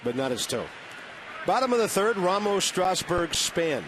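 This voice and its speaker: A man calling baseball play-by-play from a ballpark booth, brisk and conversational with wry asides. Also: sits high, sing-song. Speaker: play-by-play announcer. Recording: noisy broadcast audio.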